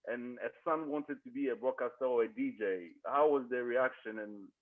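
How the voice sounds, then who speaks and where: A man's voice: medium pitch, moderate pace. A man asking questions in a casual interview, hesitant and full of ums. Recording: tinny phone line over crowd noise.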